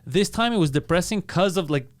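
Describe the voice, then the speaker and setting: A man's voice: high voice, brisk. A young man co-hosting a podcast. He tells a story casually, swears a lot and acts out the people in it. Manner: profane, animated, acts out quotes. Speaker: podcast co-host.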